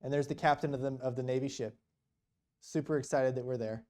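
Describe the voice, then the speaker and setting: A man visiting a church as a missionary guest tells a story in a casual, rambling way, retelling conversations with many quotes. His mid-range voice is a little mellow, with fairly even intonation and a fairly quick pace.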